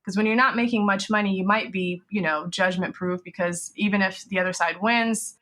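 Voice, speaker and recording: A woman's voice: medium pitch, steady tone, fairly quick, fairly bright tone. A woman business lawyer, a podcast guest, explaining legal risks in a conversational way, often adding "you know" and "right?".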